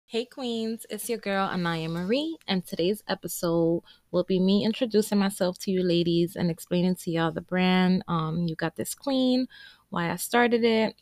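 A woman in her twenties from Harlem, New York City, hosting her own podcast and telling her personal story in a candid, emotional way, with frequent ums and soft laughs. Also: on the low side, moderate pace. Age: 20s. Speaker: podcast host.

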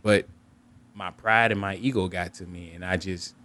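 A man's voice: fairly even intonation, moderate pace, bright, forceful tone. A young man on a podcast telling a candid, reflective personal story, often restarting his sentences and raising his voice to act out family members. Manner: candid, reflective, acts out quoted family members with raised pitch; frequent restarts and repeated words. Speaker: podcast host.

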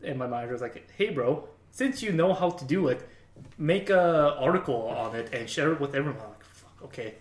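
A man's voice: on the high side, expressive, fairly quick, distant mic. A man who works IT help desk tells work stories casually, swearing and laughing. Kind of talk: casual chat. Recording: echoey room, off-mic.

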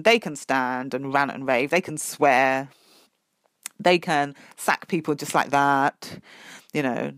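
A middle-aged woman, telling her own story as a parent in an emphatic, animated way. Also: deep voice, no echo, clean studio sound. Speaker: parent sharing her experience. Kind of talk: personal podcast testimony.

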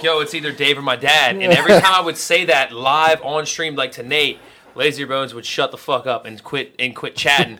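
A young man co-hosting a podcast, telling a story in casual chat, animated and swearing freely as he acts out quotes. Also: on the high side. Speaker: podcast co-host.

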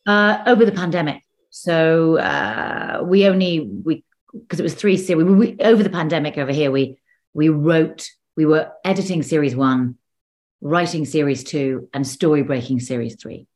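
Low-pitched lady actor rambling through stories on a video call, lots of restarts. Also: moderate pace, darkish tone. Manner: chatty, restarts often, laughs between stories. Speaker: actor and guest. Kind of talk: casual interview chat.

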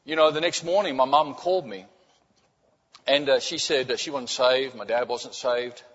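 A middle-aged pastor preaches a sermon, telling a personal story and repeating his key phrases softly. His voice rings through a large hall with a long reverb. The recording is somewhat dull and muffled. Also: medium pitch, steady tone, moderate pace, husky. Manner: storytelling, repeats phrases for emphasis, drops to soft.

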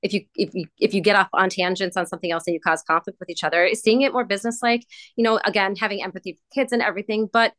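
A woman's voice: medium pitch, steady tone, quick pace, hardly any pauses, a bit bright, no echo. A woman hosting a casual chat, thinking aloud with frequent restarts. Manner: thinking aloud with many restarts and "you know".

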